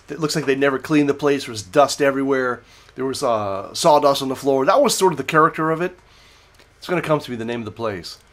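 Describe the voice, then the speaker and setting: A man talks through a beer review on his live call-in stream, casual and unscripted. He drifts from story to story and often stops to correct himself. His voice sits at an ordinary middle pitch for a man. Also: a bit bright. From United States. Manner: rambling, self-correcting, digressive storytelling. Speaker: livestream host reviewing beer. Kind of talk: casual unscripted livestream chat.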